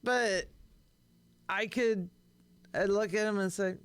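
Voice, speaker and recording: A woman's voice: mid-range voice, slow pace, smooth. A woman co-hosting a casual podcast, speaking bluntly and teasing her co-host. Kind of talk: casual chat.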